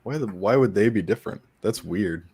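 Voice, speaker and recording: A man hosting a streamed podcast, chatting in a relaxed way and laughing often. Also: fairly low pitch, fairly quick, slightly rough. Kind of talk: casual chat.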